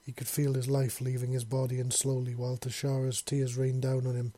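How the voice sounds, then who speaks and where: Man reading a story in a flat, dark voice. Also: mid-range voice, brisk, dry recording. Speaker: narrator. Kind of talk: audiobook reading of a fan story.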